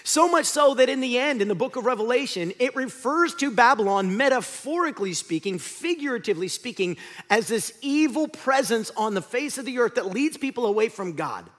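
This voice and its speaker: A male pastor preaching a sermon, telling the story with lively acted-out voices. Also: very high voice, brisk. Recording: long hall reverb.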